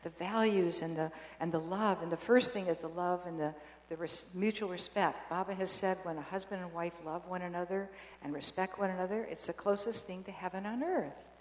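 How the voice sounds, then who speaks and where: A woman telling devout family stories in a casual, halting way, full of restarts. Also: fairly low pitch. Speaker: guest sharing family memories. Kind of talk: casual storytelling. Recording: roomy hall with long reverb.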